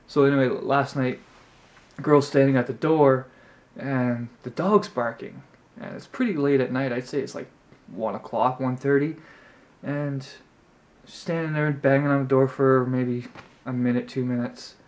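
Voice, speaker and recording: It's night in his apartment, and a young vlogger is telling a rambling story to his camera. His tone stays steady and his pace measured, yet he comes across chatty and exasperated, putting on a high voice to mimic other people. The audio comes from the camera mic.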